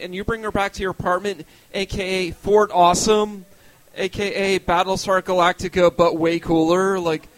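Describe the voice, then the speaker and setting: High-voiced self-mocking male stand-up. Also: a bit bright, poor audio. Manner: self-deprecating, rambling with restarts. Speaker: stand-up comedian. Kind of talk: stand-up set.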